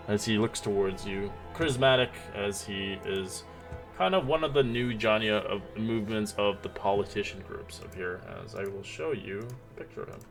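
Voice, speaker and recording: Low-voiced, rambling male game master. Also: moderate pace, soft background music. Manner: rambling, many ums and restarts. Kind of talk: narrating a tabletop game.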